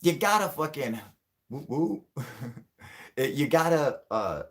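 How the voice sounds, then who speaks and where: A man's voice: on the high side, sing-song, takes it slowly. A man hosting a livestream, ranting angrily and swearing a lot as he answers the chat. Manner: angry, profane, ranting. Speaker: channel host.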